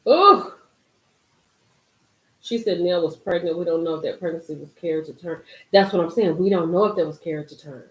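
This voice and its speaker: A woman hosting a casual live-stream commentary, emphatic and animated, reading and reacting to viewer comments. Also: lowish voice, quick pace. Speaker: YouTube commentary host. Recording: roomy echo.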